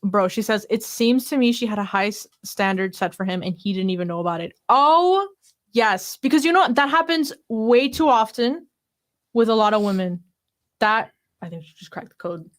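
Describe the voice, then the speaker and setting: A woman's voice: fairly high pitch, moderate pace. Chatty woman cohosting a podcast, lots of likes and you knows, gasps and laughs as she goes. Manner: chatty, fills talk with "like" and "you know"; expressive, gasps and laughs while talking. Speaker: podcast co-host. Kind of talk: casual chat.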